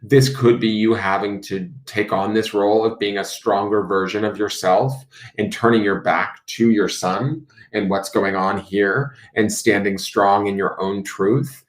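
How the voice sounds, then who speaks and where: A man giving a live-streamed tarot reading, musing and intuitive, often pausing on fillers and asking "right?". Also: on the low side, flat delivery, roomy sound. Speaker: tarot reader.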